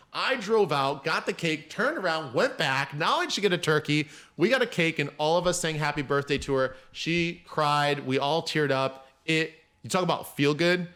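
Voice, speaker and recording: A man guesting on a podcast, telling a story in casual chat and acting out the people he quotes. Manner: animated, acts out quoted people with raised pitch. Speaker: podcast guest, mindset coach.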